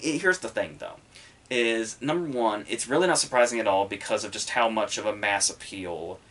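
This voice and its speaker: Rambling, profane low-voiced man. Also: fairly bright tone. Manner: rambling and profane, heavy on fillers. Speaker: podcast host reviewing the Oscars. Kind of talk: casual solo commentary.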